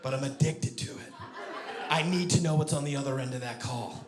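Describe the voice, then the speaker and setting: A man doing stand-up storytelling on stage, animated and acting out voices. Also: mid-range voice, fairly quick. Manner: animated, acts out voices with big shouted peaks. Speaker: stand-up comedian. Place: theater stage with live audience. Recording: roomy live venue with crowd laughter.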